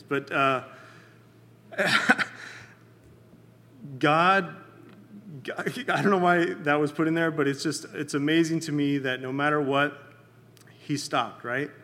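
A man leading a Bible study in a casual, conversational sermon, often checking in with his listeners and pausing with fillers. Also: fairly high pitch, fairly bright tone, in a large hall. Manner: halting, many fillers and restarts.

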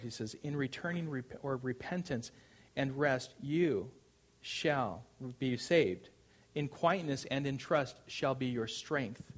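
A man preaching a sermon, speaking conversationally with frequent fillers and restarts. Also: mid-range voice. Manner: conversational preaching with fillers, rising to loud proclamation.

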